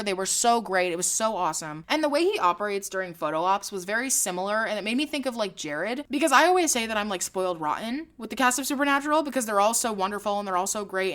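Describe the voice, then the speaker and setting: A woman's voice: mid-range voice, a bit bright. A young woman hosting her own podcast, chatting casually, laughing often and swearing freely. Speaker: podcast host. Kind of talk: casual chat.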